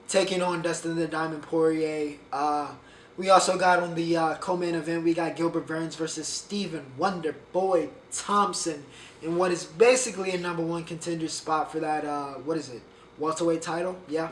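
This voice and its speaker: Man, sports podcast host, rambling casual talk, fairly high voice, roomy echo, a bit off-mic. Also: steady tone, normal speed, recorded from a distance. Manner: chatty, rambling, stumbles over names. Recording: echoey room, voice a bit off-mic, faint background hiss.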